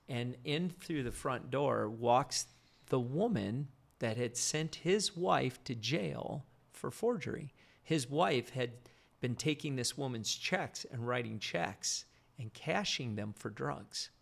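A man telling a faith testimony in an earnest, steady storytelling way. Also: medium pitch, gravelly.

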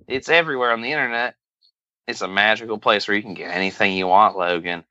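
A man's voice: fairly low pitch, quick pace, bright, forceful tone, no room sound. A man hosting a comedy podcast, joking around in a put-on folksy rural drawl. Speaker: podcast host. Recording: dull lo-fi podcast audio.

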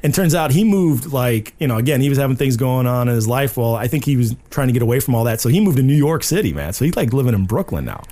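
A man chatting casually on a podcast, talking fast and wandering through his story with lots of fillers. His voice sits at an ordinary middle pitch. He rambles on with loose restarts. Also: expressive, warm tone. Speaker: podcast co-host. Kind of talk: casual chat.

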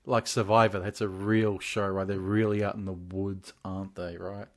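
A man's voice: sits low, little pitch movement, moderate pace. Sarcastic man in casual chat. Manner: sarcastic, mocking asides. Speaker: podcast guest.

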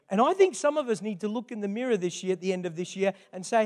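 A man's voice: high-pitched, brisk, few pauses, darkish tone. An older man, a grandfather, preaching a sermon in a chatty, conversational way with frequent asides. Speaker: pastor.

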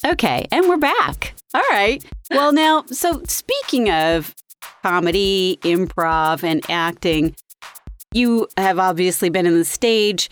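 A woman's voice: mid-range voice, slow, soft background music. A woman hosting a voiceover podcast, chatting with a guest and reacting with enthusiasm. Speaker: podcast host. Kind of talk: casual interview chat.

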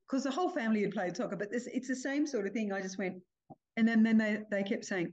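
Animated older woman hosting a podcast. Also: mid-range voice, fast talker, highs cut off. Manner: animated storyteller, acts out family quotes. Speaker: podcast host. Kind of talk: casual chat.

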